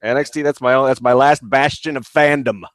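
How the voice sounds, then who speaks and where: A man co-hosting a podcast, chatting casually, relaxed and wry, with a few swears. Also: medium pitch, a crowd in the background. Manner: relaxed, wry, quick to joke back. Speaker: podcast co-host. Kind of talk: casual profane chat.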